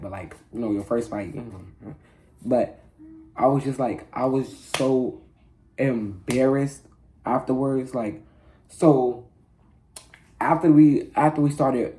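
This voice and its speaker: A man's voice: mid-range voice, warm tone, slight background noise. A teenage boy telling a story about himself in casual, slangy talk, laughing at his own antics. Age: teens. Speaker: vlogger.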